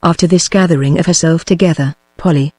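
A synthetic woman's voice with a British English accent, reading a novel aloud in an even, computer-made way. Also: low-pitched, fairly quick, breathy edge, dry recording. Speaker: audiobook narrator. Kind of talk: scripted narration.

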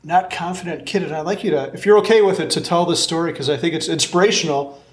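A podcast host moderates a live audience Q&A, relaxed and friendly as he introduces each question. His voice sits a bit high. The room is echoey with a faint hiss. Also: fast talker. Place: event hall with audience.

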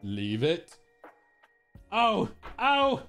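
Playful, lively male streamer. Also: high voice, extremely slow, faint music behind. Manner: playful, laughs often, coaxing his dogs. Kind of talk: casual live-stream chat.

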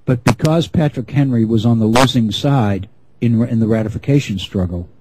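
Speaking off the cuff, a middle-aged male lecturer talks about history in a measured way, frequently starting his sentences over. His voice is medium in pitch, with noise in the background.

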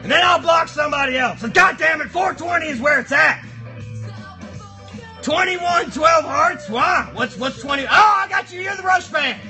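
Squeaky yelling box monster, crude and rowdy, super bright and sharp. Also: male voice, normal speed, faint music behind, full character voice. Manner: shouty, crude, rambling banter with chat. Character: rowdy foul-mouthed cardboard box monster. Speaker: live streamer. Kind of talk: live stream puppet character chat.

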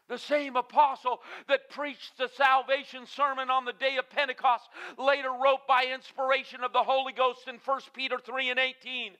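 A man's voice: very high-pitched, flat delivery, moderate pace, few pauses, pushed and bright, highs cut off, some chatter behind. A man preaching a sermon, emphatic and earnest, with frequent "uh" fillers between phrases.

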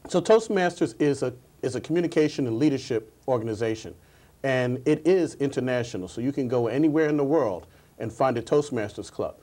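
A man's voice: medium pitch, lively intonation, brisk, mellow. A man who coaches public speaking, a guest on a TV talk show, telling stories earnestly and often repeating his words. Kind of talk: interview answers.

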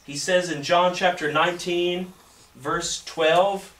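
A male pastor preaching a sermon and reading scripture aloud, often halting and repeating words. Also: high-pitched, fairly even intonation, a bit bright. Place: church sanctuary. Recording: echoey church from a distance.

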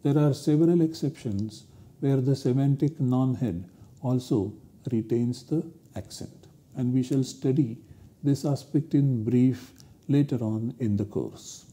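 A man's voice: medium pitch, unhurried, mellow. A man giving a university lecture, explaining step by step in a methodical way.

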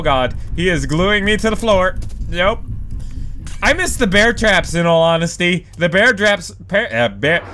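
Excitable high-voiced gamer man. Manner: excitable, swears a lot, yelps and cheers at the game. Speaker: let's play gamer. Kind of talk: casual gameplay commentary.

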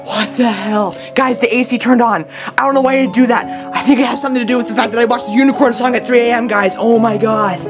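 A woman's voice: on the high side, steady tone, fast talker, over music. A woman YouTuber hosting a comedic horror-challenge vlog, shrieking and laughing in exaggerated mock terror. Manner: mock-terrified, melodramatic, yelling and cackling.

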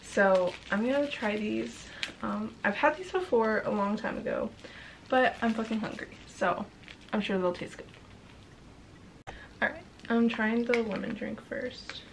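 A woman's voice: fairly high pitch, measured pace, vocal fry, slight background noise. A young woman vlogging casually about her days abroad, chatty and giggly, swearing now and then. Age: young adult. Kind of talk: casual travel vlog chat.

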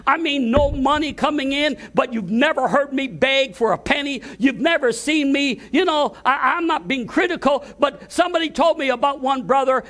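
An older man preaching a sermon to his congregation at a church service, impassioned, climbing to shouts and stumbling over restarts. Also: very high voice. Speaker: pastor.

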